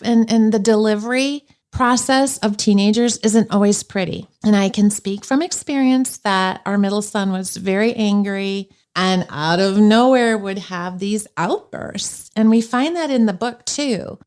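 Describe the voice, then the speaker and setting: A woman's voice: medium pitch, darkish tone. A woman, a mother and guest author, talking earnestly in a conversational interview about her experience. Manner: earnest, reads quotes from book aloud.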